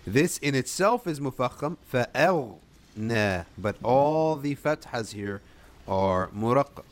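A man's voice: mid-range voice, animated, measured pace. A man teaching tajweed, explaining the rules step by step, reciting short examples and checking in with his students.

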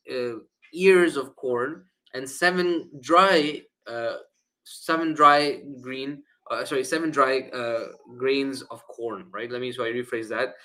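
Male lecturer, sore throat, hesitant delivery with throat clearing, sharp bright tone, mid pitch. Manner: halting, frequent fillers and throat clearing. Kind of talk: religious lecture. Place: mosque lecture room.

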